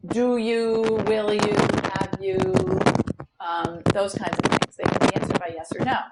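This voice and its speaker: A woman running a workshop as trainer, explaining ideas to a group in an animated, conversational way. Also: medium pitch, measured pace, very noisy. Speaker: diversity trainer. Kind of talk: workshop facilitation.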